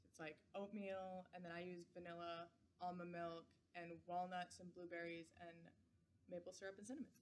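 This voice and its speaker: A woman's voice: lowish voice, normal speed, a little hiss or hum. A young woman from Wisconsin with a Midwestern American accent, a fitness trainer chatting casually in an interview video. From Wisconsin, USA. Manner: chatty, relaxed, fond of "like". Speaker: assistant program manager and personal trainer at a fitness center.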